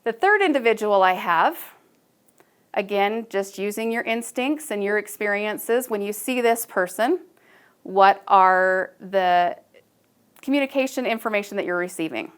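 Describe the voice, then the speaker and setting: A woman giving a recorded staff training talk, measured and instructive, with frequent ums and uhs. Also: medium pitch, expressive, smooth.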